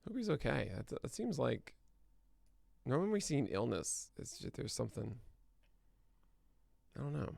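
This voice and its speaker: Man, podcast host, casual livestream chatter, mumbling asides, gravelly fry, dry close sound. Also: mid-range voice, big pitch swings, darkish tone, no room sound. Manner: thinking aloud, mumbling asides, quick laughs. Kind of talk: casual livestream chat before a show.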